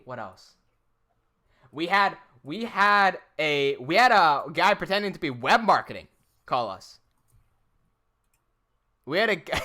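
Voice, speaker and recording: Bright-voiced man chatting on stream. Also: on the high side. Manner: animated, profane, laughs often. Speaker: live streamer. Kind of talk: casual live-stream chat.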